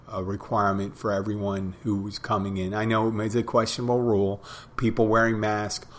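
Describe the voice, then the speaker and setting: A man working as a bartender who tells stories about customers in a plain, halting way. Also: fairly low pitch. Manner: plain-spoken, halting with restarts and fillers. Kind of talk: casual storytelling monologue.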